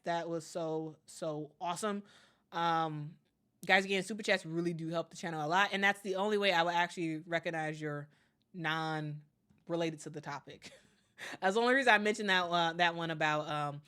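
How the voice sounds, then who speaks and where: A woman's voice: fairly low pitch, a bit bright. A young woman hosting a casual sports livestream, chatting with many fillers and repeats and reading viewer comments aloud. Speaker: sports channel host.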